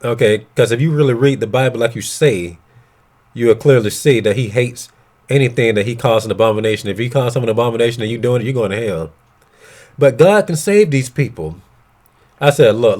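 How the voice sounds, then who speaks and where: A man's voice: mid-range voice, lively intonation, fairly quick, darkish tone. A man ranting bluntly and profanely to camera, retelling an argument with quoted back-and-forth. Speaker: vlogger. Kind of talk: casual ranting monologue.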